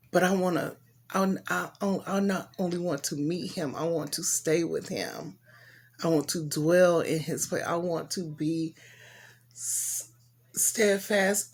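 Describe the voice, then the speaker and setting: A woman reads scripture aloud and offers an earnest, heartfelt devotional reflection, often repeating her phrases. Her voice is fairly low in pitch with a breathy edge.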